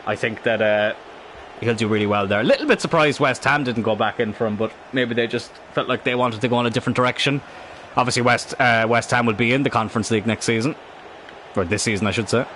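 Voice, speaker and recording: A man commentating on his own football video game live, excitable and rambling, swearing at the game. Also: mid-range voice, fast talker, a little hiss or hum. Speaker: game streamer.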